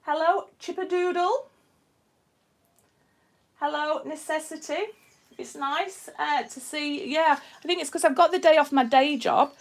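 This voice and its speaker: Speaking in a high voice at normal speed with few pauses, a woman from Yorkshire, England, hosts a live stream as a resin artist. Her accent is Yorkshire with a touch of Australian twang, and she chats casually, greets viewers, and reads their comments while demonstrating her work.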